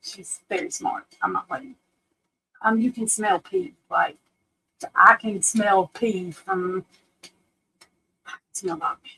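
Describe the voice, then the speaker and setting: A woman's voice: mid-range voice, very animated, takes it slowly, vocal fry, pauses often, sharp tone, slight background noise, poor audio. A woman casually chatting on a live stream, rambling, laughing often and scolding her dog.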